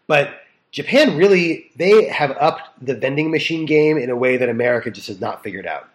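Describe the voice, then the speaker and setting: A man co-hosting a podcast, chatting casually and enthusiastically. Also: mid-range voice. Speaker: podcast co-host. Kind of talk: casual chat.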